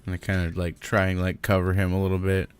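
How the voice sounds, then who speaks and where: A man's voice: low voice, monotone, quick pace, crowd noise. A man playing a tabletop game, describing his character in a laid-back, chuckling way. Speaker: player. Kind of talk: tabletop role-play.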